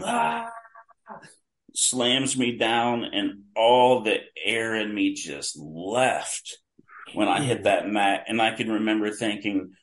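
A man, a guest on a podcast, telling detailed stories in a casual way, often restarting his sentences. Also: lowish voice. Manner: vivid, detailed anecdotes with many restarts. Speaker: podcast guest, longtime wrestling fan. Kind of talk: casual storytelling.

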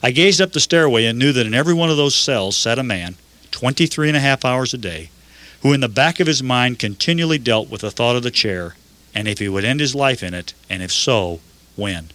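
An older man narrating a first-person story in an earnest, measured way. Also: mid-range voice, expressive, fairly bright tone.

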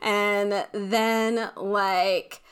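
A young woman telling a childhood story in casual chat, animated and laughing as she acts out quotes. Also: mid-range voice, very slow, clean tone.

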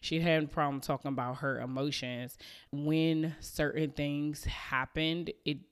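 A woman's voice: sits low, fairly even intonation, a little slow, clean tone. A woman in her thirties hosting a podcast, telling a personal story in a casual, chatty way, with plenty of fillers and small laughs, acting out her family's lines as she goes. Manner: acts out family members' lines. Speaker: podcast host.

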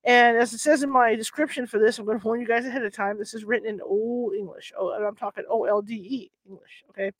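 A woman reads a historical book aloud for her channel, her voice sitting a little high. Between passages she drops into chatty asides, and she sometimes stumbles over the old wording. The sound is close and dry, with little room in it. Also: fairly even intonation, fast, hardly any pauses, no echo. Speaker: host of a paranormal reading channel.

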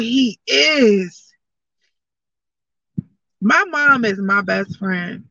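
A woman in her forties speaking candidly and emotionally, her voice bright and forceful. She sits a little off the mic, so the sound comes through dry and a bit muffled. She sounds like she is talking from the heart to listeners on an informal broadcast. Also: fairly high pitch, animated, extremely slow, creaky, pauses often, no room sound, distant mic. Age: 40s. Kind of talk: personal motivational talk.

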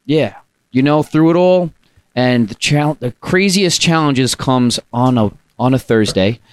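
A man hosting a laid-back podcast, talking upbeat and rambling, with plenty of ums and restarts. His pitch sits in a middle range. The sound is close and dry. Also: expressive, unhurried, dry recording. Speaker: podcast host. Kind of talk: casual podcast chat.

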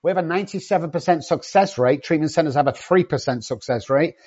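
Man, blunt treatment-company owner, profane and direct, husky voice, muffled recording. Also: on the high side, quick pace, a little mellow. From not from England. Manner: profane, cocky and confrontational. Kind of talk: blunt podcast conversation.

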